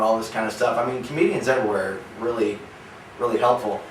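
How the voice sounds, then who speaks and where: A man's voice: on the low side, fast talker, slight background noise. Young guy doing stand-up, rambly offhand stories, roomy club sound kinda far from the mic. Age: young adult. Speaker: stand-up comedian. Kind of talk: stand-up comedy set. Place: small comedy theater.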